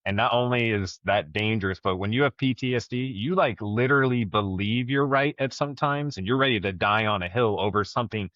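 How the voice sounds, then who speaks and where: Man, low voice, candid podcast co-host, reflective and open, dry close sound, slightly muffled recording. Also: fairly quick, few pauses, no room sound. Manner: open, reflective, speaks about personal struggles. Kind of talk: candid conversation.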